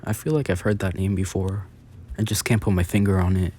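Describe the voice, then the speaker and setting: A man voicing a polite, eager young male adventurer in a casual spoken fan story, with a halting delivery. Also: sits low, fairly even intonation, warm tone. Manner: halting, filler-heavy retelling.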